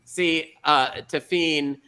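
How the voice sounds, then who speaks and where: Man playing a rambling small-town pageant lady hosting, bright forceful voice, a touch high, gushes and trips over names. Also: fairly even intonation, very slow, smooth, faint music behind, heavily acted. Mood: chatty. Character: chatty middle-aged small-town lady pageant host. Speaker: host. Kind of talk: comedic drag character hosting.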